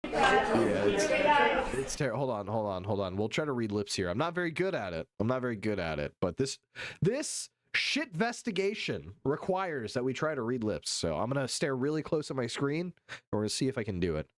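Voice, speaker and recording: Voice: medium pitch, very animated, moderate pace. A streamer giving crude, profane, mocking play-by-play commentary on a live stream while scrubbing through a video and reading chat. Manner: frequent silly put-on quote voices. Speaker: livestream host.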